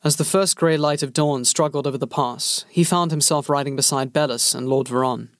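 A man reading an audiobook in steady, even scripted narration. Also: medium pitch, fairly quick, dry recording, studio quality.

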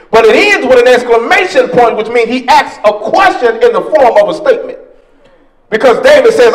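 A pastor delivers a sermon in a strikingly high voice for a man. He preaches with passion and speaks straight to the congregation. He climbs into shouts and draws out words for emphasis. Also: rough recording. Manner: impassioned preaching, rising into shouts and drawn-out words; addresses the congregation directly with "y'all". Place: church.

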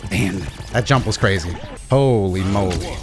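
A man streaming a fighting game, commenting live and swinging between low mumbles and excited shouts. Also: unhurried. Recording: game music underneath.

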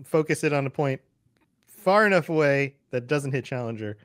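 A man's voice: mid-range voice, expressive, moderate pace, fairly bright tone. A man playing a tabletop game in a joking, playful way. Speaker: player.

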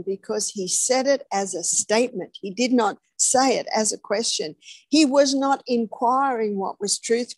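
A woman's voice: medium pitch, husky, dry recording. A woman preaching a sermon, telling the story dramatically, dropping to whispers and then rising with emphasis. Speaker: health speaker preaching.

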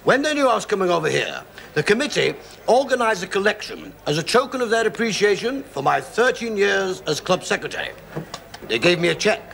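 A man's voice: high-pitched, big pitch swings, a little fast, vocal fry, fairly bright tone, a little hiss or hum, full character voice. An actor playing a brash, boastful middle-aged Englishman in a sitcom. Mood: blustering. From England. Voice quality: blustering and boastful. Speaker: sitcom character, a boisterous English visitor. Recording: 1970s TV sitcom with audience laughter.

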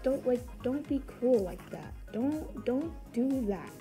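A woman's voice: high voice, expressive, slow, dark tone, soft background music. A woman casually reading aloud her own childhood book and adding amused, mocking, incredulous comments on it.

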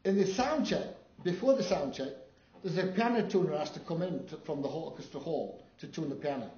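Older man telling road stories animatedly. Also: a little fast. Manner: animated storyteller, acts out quotes with big pitch jumps. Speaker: live sound engineer giving a talk. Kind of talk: anecdotal presentation to an audience. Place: university lecture hall. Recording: dull, roomy hall recording.

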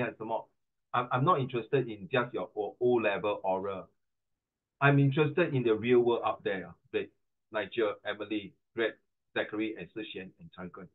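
A middle-aged man with a Singaporean accent teaching an animated exam-prep class, mixing English and Mandarin and teasing his students. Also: mid-range voice. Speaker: tutor. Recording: tinny phone-like audio.

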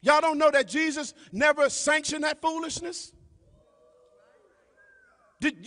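Man, pastor, preaching sermon, bright ringing voice, call-and-response, long hall reverb. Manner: calls and responses to the congregation, repetitive "y'all"; drops to low murmurs between emphatic lines. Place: church sanctuary. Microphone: live stream.

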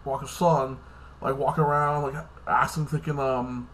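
A man's voice: mid-range voice, little pitch movement, moderate pace, fairly bright tone. A man casually recapping a TV episode in a rambling way, tacking "like this" and "like that" onto his sentences and swearing now and then. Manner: rambling, fills with "like this" and "like that". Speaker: TV episode reviewer.

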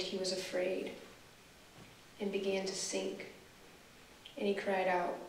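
A woman guest speaker leading a guided scripture meditation, asking the listener slow, reflective questions. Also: mid-range voice, monotone, gravelly. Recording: echoey room from far off, faint hiss.

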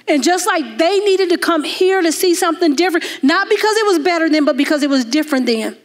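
Woman minister preaching in church, high voice, storytelling, gets loud then hushed. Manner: storytelling, emphatic, quiet dramatic passages. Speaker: guest minister. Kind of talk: sermon. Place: church sanctuary.

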